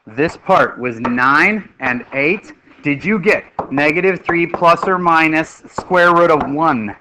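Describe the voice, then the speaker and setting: A middle-aged man teaching a math class, lively and joking as he quizzes his students. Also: a little high, slow pace, background noise.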